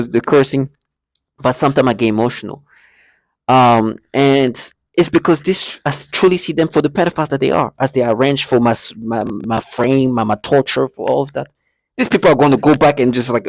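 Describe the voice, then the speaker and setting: A man's voice: medium pitch, a little fast, no room sound. A man talking emotionally to camera in an agitated monologue, stammering and repeating words as he goes. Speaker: vlogger.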